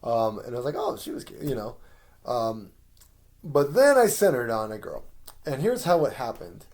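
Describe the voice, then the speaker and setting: Young man, casual storyteller, rambling and animated, swears easily. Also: mid-range voice. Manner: rambling, many ums and laughs, swears casually. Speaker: vlogger.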